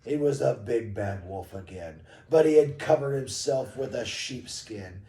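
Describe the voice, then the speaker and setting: A woman reads a bedtime story aloud to a child in a gentle, expressive way. Her voice is low and mellow, and her pace is unhurried. She sounds set back from the mic in an echoing room. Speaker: parent reading to a child. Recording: roomy echo, distant mic.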